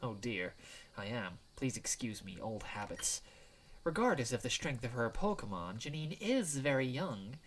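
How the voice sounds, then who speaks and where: Brief: a man playing a proper, formal student trainer in a game read-through, calm and polite. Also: mid-range voice, moderate pace, slight background noise, natural voice. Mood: reserved.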